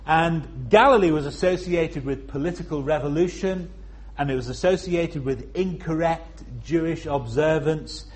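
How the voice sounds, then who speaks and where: A Liverpool man with a faint local accent preaches a sermon during a church service. He's expressive, slowing down to stress phrases, letting his voice jump high for emphasis, and tossing in humorous asides.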